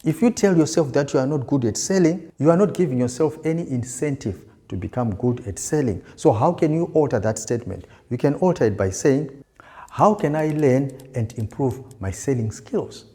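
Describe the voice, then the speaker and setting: A man's voice: mid-range voice, animated, a little fast, hardly any pauses, mellow. A male sales trainer giving a motivational lesson, stressing and repeating key words for emphasis. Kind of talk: motivational teaching talk.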